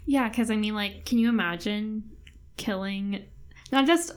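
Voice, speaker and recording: A woman's voice: mid-range voice, unhurried. A woman co-hosting a casual podcast, chatting about a TV drama with lots of fillers. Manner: chatty, frequent fillers and laughs. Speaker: podcast co-host. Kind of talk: casual chat recapping a drama.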